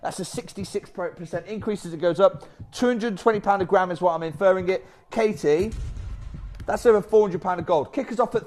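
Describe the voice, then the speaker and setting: A man presenting a live shopping channel, chatty and energetic with off-script asides. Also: sits high, brisk.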